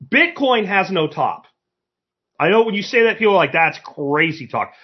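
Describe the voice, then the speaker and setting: A man hosting a live stream, talking with a lively, swooping delivery and a slightly husky voice. He is blunt and profane as he rants back at chat comments. The audio is dull and lo-fi. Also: high voice, moderate pace. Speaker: podcast host.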